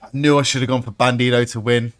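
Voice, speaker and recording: A young man hosting a live wrestling watch-along stream, reacting excitedly, swearing freely and chatting with viewers. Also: medium pitch, fast, clear, resonant tone. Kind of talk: live reaction commentary and chat.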